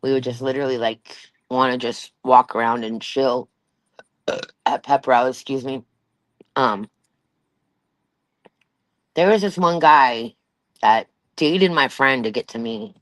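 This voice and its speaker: A woman's voice: very deep voice, a little slow, pauses often, dry recording. A woman hosting a livestream, chatting casually in a rambling way, with many fillers and restarts and a Valley Girl-type voice. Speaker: livestream host.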